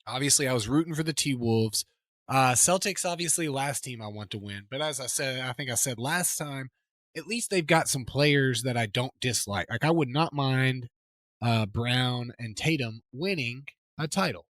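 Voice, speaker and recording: A man's voice: mid-range voice, moderate pace, fairly bright tone, no echo. A man co-hosting a sports podcast in casual chat, talking in an emphatic, rambling way with many restarts. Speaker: podcast co-host.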